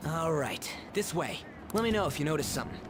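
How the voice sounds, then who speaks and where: A man's voice: on the high side, sing-song, quick pace, background noise, pitched above the performer's own voice. A man voicing a brash young male delinquent student with a Southern accent. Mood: casual. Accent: American Southern. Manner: brash, pushy.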